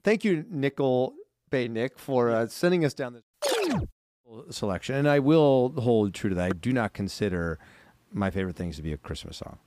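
Man, podcast co-host, rambling casual storyteller, mid-pitched voice, dry close sound. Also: animated, normal speed, a little mellow, no echo. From California. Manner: rambling storyteller, heavy use of "like". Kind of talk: casual chat.

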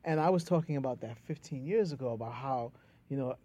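A man's voice: medium pitch, a little fast, dark tone. A man with a New York accent, a comedian and playwright, chatting loosely and joking as a guest, laughing often. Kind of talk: casual conversation.

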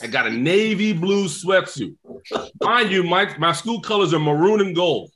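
A man, a former football player and interview guest, telling stories in an animated, laughing way and often saying "man". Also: sits high, normal speed. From South Bronx, New York. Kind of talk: casual storytelling interview.

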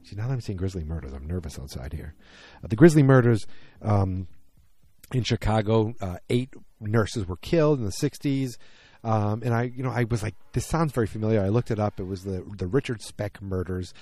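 Low, mellow-voiced man rambling a recap. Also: lively intonation, brisk, no room sound. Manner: rambling, self-correcting, acts out quotes. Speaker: TV episode recapper. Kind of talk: casual spoken recap. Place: outdoors.

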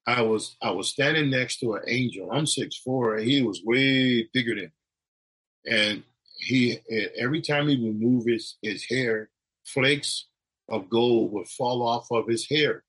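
Slightly rough and fairly bright, this mid-range male voice speaks a little slowly on a rough recording. In casual spoken testimony, he tells of a near-death experience in a rambling way, restarting often and acting out the quotes of those involved.

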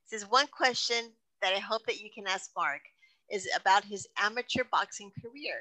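A woman's voice: medium pitch, moderate pace, sharp tone, rough recording. A woman interviewer reading out listener questions and chatting casually.

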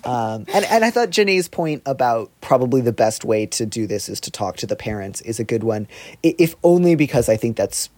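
A man's voice: medium pitch, very animated, brisk, a little mellow, no echo. A man talking as an advice-column guest in a casual podcast chat, rambling and openly hedging his views. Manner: rambling, self-aware hedging.

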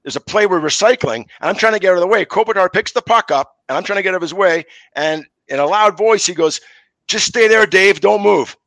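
A middle-aged man, a former referee, telling lively anecdotes on a podcast and acting out the quotes. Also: sits high, fast talker, few pauses, dry recording, low-quality recording. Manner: animated anecdotes, acts out quotes. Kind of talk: casual storytelling on a podcast.

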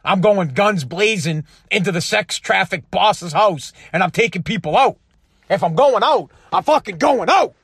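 A man's voice: high-pitched, expressive, moderate pace, a bit bright, husky, no echo, clean studio sound. A man in his thirties from the United States, delivering a heated, profane, emphatic monologue with frequent restarts. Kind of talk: impassioned monologue.

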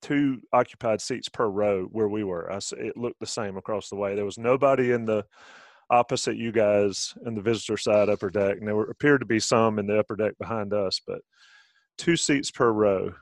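A man's voice: fairly low pitch, fairly even intonation, fairly quick, dry recording. Middle-aged man, sports talk. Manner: conversational, rambling with restarts. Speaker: sports radio host.

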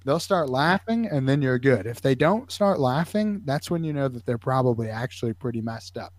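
A man, a guest athletic trainer, telling sideline stories in a casual, animated way, full of fillers. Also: mid-range voice, normal speed, no room sound. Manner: animated, acts out voices, many fillers. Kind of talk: casual storytelling.

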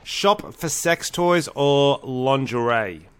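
A young Australian man co-hosting a podcast, talking in loose, rambling banter. His humor is crude and he swears freely, and his pitch sits in an ordinary middle range. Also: lively intonation, slow pace, smooth. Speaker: podcast co-host.

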